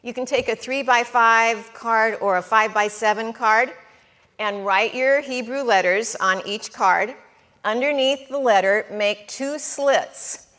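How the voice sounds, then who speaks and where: A woman teaching a class at a board, slow and patient, coaxing her students with questions. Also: a little high, fairly bright tone. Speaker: Hebrew teacher. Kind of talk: classroom lesson at a whiteboard.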